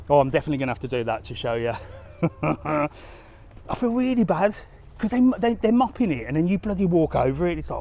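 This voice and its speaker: A man's voice: a little high, brisk, mellow. Chatty man vlogging on a walk. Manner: chatty, rambling storyteller, laughs often. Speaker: travel vlogger. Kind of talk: casual live-stream chat. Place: outdoors walking by a harbour.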